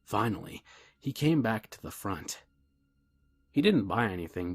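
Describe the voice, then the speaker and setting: Low husky guy reading a creepy story, calm and measured, slips into a hushed whisper now and then. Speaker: narrator. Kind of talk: scripted horror story narration.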